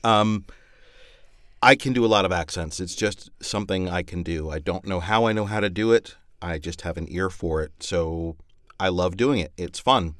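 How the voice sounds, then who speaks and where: Deep-voiced man in relaxed chat. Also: moderate pace, no echo, studio quality. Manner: thoughtful, rambling with many fillers. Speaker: audiobook narrator. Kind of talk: casual podcast chat.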